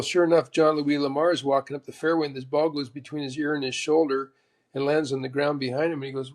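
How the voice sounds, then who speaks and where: A man in his sixties, a former tour golfer, chatting as a podcast guest and telling lively stories where he acts out other people's lines. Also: fairly high pitch, creaky. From Canada. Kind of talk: casual interview chat.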